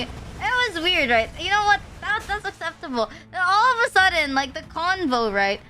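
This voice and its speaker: A woman's voice: extremely high pitch, very animated, a little slow, bright, forceful tone. A young woman streamer from the Philippines, rambling through a story in casual chat, swearing often and saying "like" a lot. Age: young adult.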